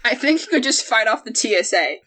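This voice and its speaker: A woman with a bright, sharp voice reading fanfic aloud with friends. She talks casually and giggles often, breaking off mid-sentence to joke. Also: a little high, big pitch swings, normal speed, husky. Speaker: fanfic reader and co-host. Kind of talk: casual comedic reading and riffing.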